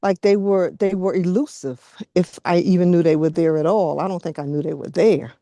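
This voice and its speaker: A woman leading a group video call, speaking gently and encouragingly. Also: on the low side, a little fast, dry recording. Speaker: group facilitator.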